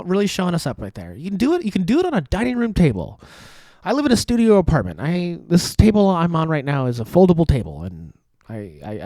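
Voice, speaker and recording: A young man hosts a podcast from a foldable table in his studio apartment, ranting sarcastically, cursing, laughing a lot, and letting sentences trail off. His voice is a little high with a dark tone, and the recording is dry. It's casual, ranting commentary.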